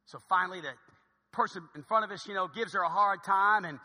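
A man preaching a sermon, an animated storyteller who acts out the dialogue and drops to a hush for quoted lines. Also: high voice, brisk. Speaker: pastor. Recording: echoey hall with long reverb.

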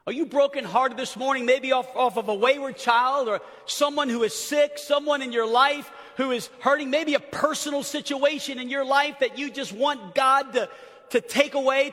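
A middle-aged male pastor preaches with impassioned delivery. His voice sits very high and rings bright and forceful. The church hall gives a long reverb. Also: unhurried. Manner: impassioned preaching, swings from hushed to shouting. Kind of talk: sermon. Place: church sanctuary.

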